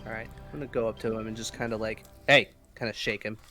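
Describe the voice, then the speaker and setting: A man's voice: lowish voice, monotone, racing, fairly bright tone, soft background music. A man playing a tabletop game in a casual style, describing his actions with fillers and laughing easily. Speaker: player.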